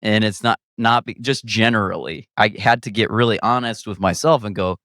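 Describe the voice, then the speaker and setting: A man's voice: lowish voice, a little fast, few pauses, dry recording, clean studio sound. A man, a guest comedian, talking candidly in a casual conversation, reflective and rambling, restarting his sentences and laughing often. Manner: reflective and rambling, with frequent restarts and lively self-quotes.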